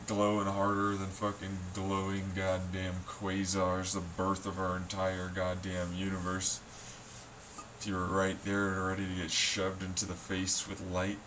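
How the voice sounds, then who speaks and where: A man ranting in a sarcastic, scornful, profane monologue, swinging between muttering and loud shouting. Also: low-pitched, completely flat delivery, a little slow, background noise. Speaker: vlogger.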